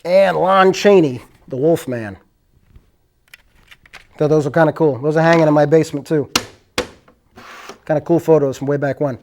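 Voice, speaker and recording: A man's voice: fairly high pitch, normal speed, long pauses, darkish tone, slight background noise. Rambling, earnest man telling stories. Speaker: host. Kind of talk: casual storytelling.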